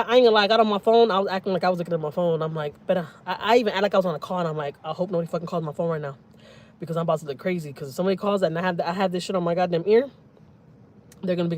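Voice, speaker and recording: A woman's voice: fairly low pitch, very fast, slight background noise. Blunt, foul-mouthed woman. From Houston, Texas. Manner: blunt, profane, animated storytelling. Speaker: family vlogger. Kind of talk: casual livestream storytelling. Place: in a truck with windows down. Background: vehicle and outdoor ambience.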